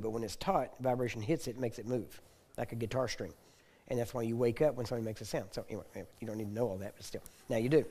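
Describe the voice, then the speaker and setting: A man's voice: mid-range voice, dark tone. A middle-aged man with a Texan accent, teaching a session in a conversational, joking manner and often checking in with the listeners. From Texas. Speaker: ministry teacher.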